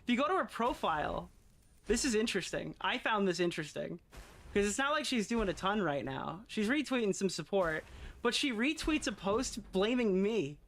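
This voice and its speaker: A woman's voice: mid-range voice, very animated, moderate pace, a bit bright. A woman streamer ranting in casual commentary, exasperated and swearing often.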